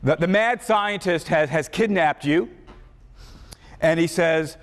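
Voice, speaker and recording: A male philosophy professor giving a university lecture, halting and repeating words, with many fillers. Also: a little high. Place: large lecture hall. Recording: echoey lecture hall.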